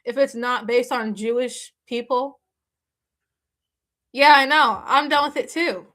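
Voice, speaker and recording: A woman's voice: on the high side, slow, a bit bright. A woman hosting a live stream, chatting casually with viewers in an emphatic, repetitive way and laughing often. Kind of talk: casual reaction chat with viewers.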